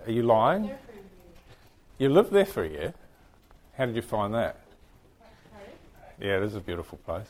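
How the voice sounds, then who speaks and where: A man's voice: lowish voice, very animated, measured pace, pauses often, a little mellow. A man with a New Zealand accent teaching a Bible class, chatting and joking with his students. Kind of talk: casual classroom lecture.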